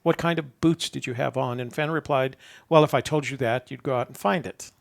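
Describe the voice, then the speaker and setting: A man's voice: mid-range voice, fairly quick, vocal fry. An older man, chatting casually as a show host and rambling through stories while chuckling at himself. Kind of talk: casual chat.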